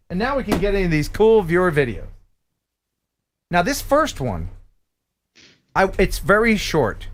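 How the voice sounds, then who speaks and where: Animated man hosting a stream. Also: sits high. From Philadelphia. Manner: chatty, laughs easily, reads viewer emails aloud. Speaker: host. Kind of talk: casual live-stream chat.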